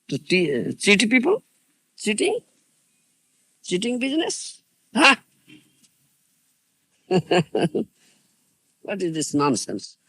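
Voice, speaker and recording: With long pauses and a slow pace, a man lectures devotionally in a high, very animated, bright and forceful voice, free of room sound. He is a spiritual teacher who stresses and repeats his phrases, laughs, and asks "you understand?" again and again.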